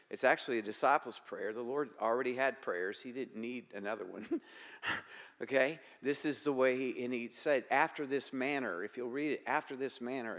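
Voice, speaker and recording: A man's voice: medium pitch, a bit bright. Older man, pastor, sermon, rhetorical questions, quoting prayers, church sanctuary, long hall reverb.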